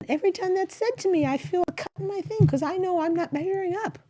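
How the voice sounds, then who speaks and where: A woman's voice: very high voice, fast, warm tone. A middle-aged woman hosting a talk show, giving marriage advice in a rambling, casual way and acting out bits of dialogue. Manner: rambling, acts out little quoted dialogues.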